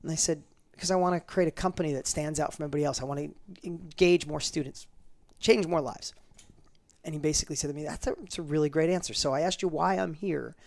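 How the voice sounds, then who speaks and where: A middle-aged man telling a personal story in an interview, fast and emphatic, acting out the dialogue he quotes. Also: fairly high pitch, fairly even intonation, vocal fry.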